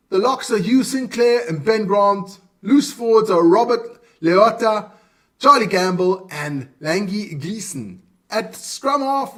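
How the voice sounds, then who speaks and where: A man's voice: high-pitched, fairly bright tone, far from the mic. A man hosting a live stream alone, chatting casually and stumbling over hard player names.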